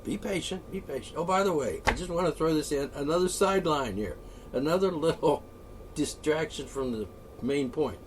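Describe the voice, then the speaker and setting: A man's voice: a little high, normal speed. Rambling, profane man, slightly distant mic. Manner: profane, rambling, with frequent asides and throat-clearing. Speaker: political ranter. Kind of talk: off-the-cuff solo rant. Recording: voice a bit far from the mic, faint ambient noise.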